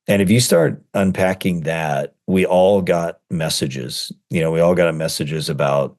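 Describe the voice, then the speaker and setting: A middle-aged man with a very low voice talks in an interview as a guest author. He rushes through thoughts in quick bursts, padding them with fillers and restarting sentences as he goes. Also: a little mellow. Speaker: seminary professor. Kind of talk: conversational interview.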